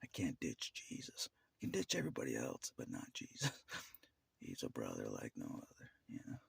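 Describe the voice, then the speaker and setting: A man with a very deep, gravelly voice that drops into a husky whisper. His pitch swings widely as he rambles to the camera, and he laughs often between phrases. The sound is close and dry. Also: huge pitch swings, a little slow, long pauses, no room sound. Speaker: vlogger. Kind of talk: casual monologue to camera.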